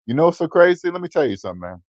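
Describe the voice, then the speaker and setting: This fifties-aged personal finance host talks very fast in a slightly high, sing-song voice. His blunt, preachy livestream-style monologue is casual, and he repeats words to drive points home. The audio is dry and lo-fi.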